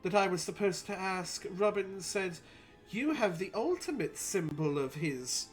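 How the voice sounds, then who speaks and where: A woman narrating a tabletop role-playing game as game master, playful and lively. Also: medium pitch, unhurried, faint music behind.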